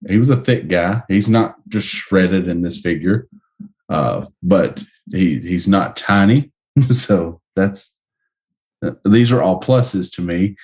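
A man hosting a casual podcast, reviewing action figures in a relaxed way with many ums. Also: deep voice, slow pace. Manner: relaxed, descriptive, hesitant with ums. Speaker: podcast host.

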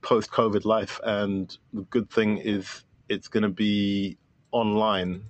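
A man's voice: lowish voice, little pitch movement, slow pace, no room sound, lo-fi sound. A man guest on a podcast, talking casually and enthusiastically with many fillers about his film. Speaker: filmmaker guest.

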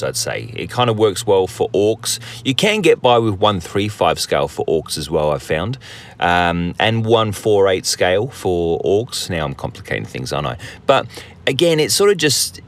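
Chatty Australian man hosting a podcast. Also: on the low side. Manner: rambling, jokey, self-deprecating, many fillers and restarts. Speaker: podcast host. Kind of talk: casual podcast monologue.

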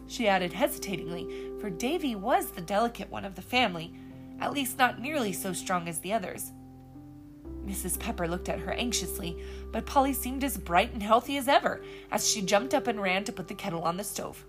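A woman's voice: mid-range voice, a little fast, soft background music. A woman expressively reading a children's storybook aloud as the storyteller. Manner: expressive, lively.

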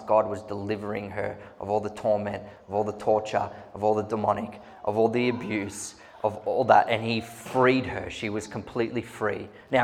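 A man preaching a sermon, telling stories earnestly with humorous asides. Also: on the low side. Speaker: pastor. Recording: long hall reverb.

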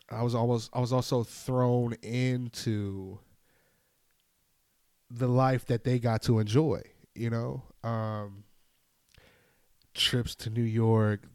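A man's voice: mid-range voice, clean tone, no room sound. Young man telling his story, dry close sound. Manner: candid, storytelling with animated acted-out quotes and swearing. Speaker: podcast host. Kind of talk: casual personal monologue.

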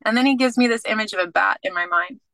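A woman guest telling her faith testimony in casual, animated storytelling, acting out bits of dialogue. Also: mid-range voice, fast talker, creaky, dry recording, low-quality recording.

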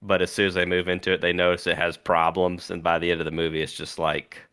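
Low voiced guy with a bright edge, wry sports podcast chat. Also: flat delivery, quick pace, clean tone. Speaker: podcast co-host.

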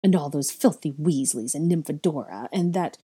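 A woman's voice: big pitch swings, moderate pace, mellow, breathy edge, heavily acted. A woman voicing a gleeful, bloodthirsty witch who giggles and spits her words, in a storybook reading. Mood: vicious. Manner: shrill, giggling, spiteful.

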